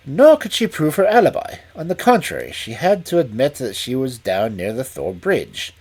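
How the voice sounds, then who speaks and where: A male storyteller reading a detective tale aloud in a husky voice. His pitch swings widely as he voices the narration expressively. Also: huge pitch swings, normal speed, few pauses, darkish tone.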